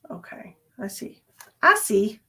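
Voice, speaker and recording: A woman's voice: mid-range voice, big pitch swings, slow, pushed and bright, slightly rough. A woman psychic medium giving a live-streamed reading, chatty and sleepy, thinking aloud with many fillers. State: sleepy, yawning.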